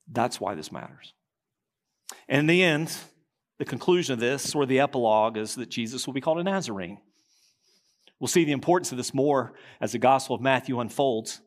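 A man preaching a sermon as pastor, reading quotations aloud, slowing and dropping low at key lines.

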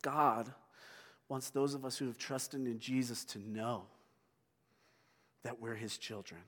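Tearful pastor preaching in a reverberant hall. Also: male voice, mid-range voice, steady tone, a bit bright. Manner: emotional, personal storytelling with halting restarts. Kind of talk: sermon. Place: church sanctuary.

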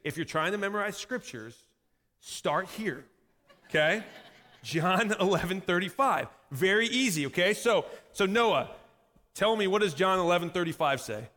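Animated male pastor preaching in a reverberant church. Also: high voice, moderate pace. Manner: animated preaching, drops to quiet intensity. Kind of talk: sermon. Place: church sanctuary. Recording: long hall reverb.

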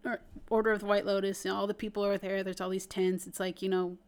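A woman chats with a friend and recaps a show she loves. Her voice sits at an ordinary middle pitch, and she talks eagerly with plenty of fillers as the story spills out. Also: flat delivery, quick pace, a little mellow, clean tone. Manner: eager storyteller, lots of "like" and "you know". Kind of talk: casual chat, recapping a cartoon series.

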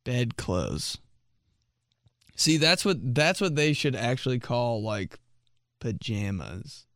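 A man's voice: medium pitch, slow, no room sound, clean studio sound. A man hosting a podcast, joking casually and laughing often as he reads listener submissions. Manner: animated, jokey, laughs often. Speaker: podcast host. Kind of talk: casual comedic chat reading listener submissions.

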